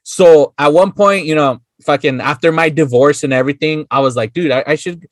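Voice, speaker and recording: A man hosting a podcast, telling a story in a relaxed, casual way with easy swearing and frequent laughs. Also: on the high side, fairly quick, no echo, clean studio sound. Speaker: podcast host. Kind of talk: casual chat.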